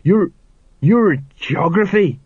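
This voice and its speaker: A man's voice: high voice, expressive, takes it slowly, breathy edge, dry recording, pitched above the performer's own voice, full character voice. A man doing a blustering old sergeant. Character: blustering stout older male sergeant, nervous. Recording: slightly muffled dry recording.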